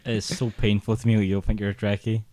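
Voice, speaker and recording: A man's voice: fairly low pitch, little pitch movement, fast talker, dark tone, dry recording. A man co-hosting a casual podcast chat, teasing his co-host and telling stories dramatically.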